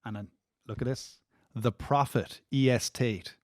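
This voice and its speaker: A man's voice: medium pitch, a little slow, no echo, studio quality. An Irish man co-hosting a wrestling podcast in casual chat, playful and mock-serious. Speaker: podcast co-host.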